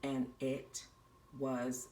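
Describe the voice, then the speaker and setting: A woman's voice: monotone, very slow, echoey room, far from the mic, a little hiss or hum, exaggerated voice. Woman doing a whispering campfire storyteller. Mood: hushed spooky. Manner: hushed, low, drawn out. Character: spooky storyteller girl whispering a campfire tale.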